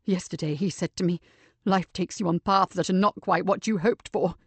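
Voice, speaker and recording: A woman's voice: fairly low pitch, fairly even intonation, moderate pace, slightly rough, no echo. A woman doing a bitter, outraged grown son. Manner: loud, outraged, voice cracking.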